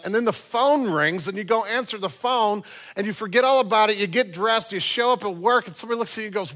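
A man's voice: sits high, quick pace, sharp tone. A man preaching a sermon as pastor, earnest and repeating key phrases for emphasis.

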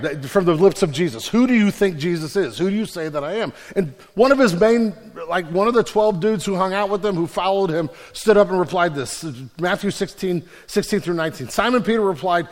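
Casual preacher man in an echoing hall. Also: a little high. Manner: casual, joking preacher who rises to emphatic declarations. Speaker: pastor. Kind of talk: sermon. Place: large church hall. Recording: reverberant church hall.

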